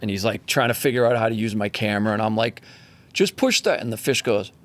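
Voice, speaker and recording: A man, a fishing charter captain, telling a story in a casual, animated way, acting out the voices as he goes. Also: lowish voice, fast. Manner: animated, acts out voices, swears freely.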